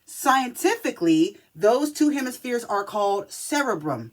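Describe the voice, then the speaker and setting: A woman's voice: a little high, big pitch swings, moderate pace, few pauses. A woman talking casually to camera as a spiritual reader, chatty and emphatic, often checking in with the listener. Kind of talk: casual spiritual reading video.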